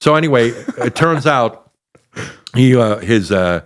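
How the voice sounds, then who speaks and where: A man's voice: mid-range voice, expressive, takes it slowly. A man in his sixties with a Chicago accent, a comedian telling rambling anecdotes as a podcast guest. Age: 60s. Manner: rambling anecdotes with hesitant fillers. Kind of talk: casual storytelling chat.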